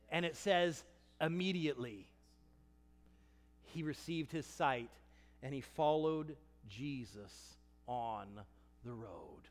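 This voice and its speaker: A man preaching a sermon with passion, swinging between shouted declarations and hushed, drawn-out emphasis. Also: on the high side, big pitch swings, big-room sound.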